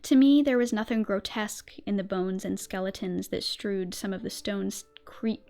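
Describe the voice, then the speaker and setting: A woman streamer doing a whispered role-play reading of a spooky story in a soft, slow ASMR-style voice. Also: mid-range voice, vocal fry, soft background music.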